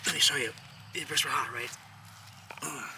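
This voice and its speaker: A man vlogging outdoors among rubble, rambling excitedly and talking straight to his viewers as he points things out. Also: medium pitch, normal speed, gravelly. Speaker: vlogger exploring ruins. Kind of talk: casual walk-and-talk commentary. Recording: loud outdoor traffic noise.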